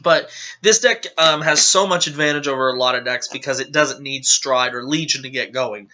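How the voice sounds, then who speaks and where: Bright-voiced man talking through a card deck. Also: medium pitch, moderate pace. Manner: rambling, self-correcting explanation. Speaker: card game deck reviewer. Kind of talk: casual deck profile talk.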